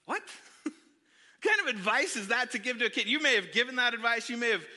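A man preaching a sermon, telling a funny self-deprecating story from his childhood to the congregation in an animated way. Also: extremely high pitch, fast talker. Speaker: pastor. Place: church sanctuary. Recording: long hall reverb.

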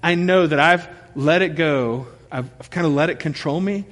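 A man in his thirties preaching a sermon, telling stories with animated energy and acting out what people said. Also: on the high side, moderate pace. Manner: animated storytelling, acting out quotes. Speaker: pastor. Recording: long reverb of a large hall.

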